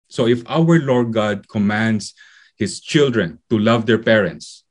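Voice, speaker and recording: A man delivers a sermon in a fairly low voice. He speaks conversationally, weaving personal stories into his teaching and leaning on fillers as he goes. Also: slightly rough. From Philippines. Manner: conversational, anecdotal preaching with fillers. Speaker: preacher.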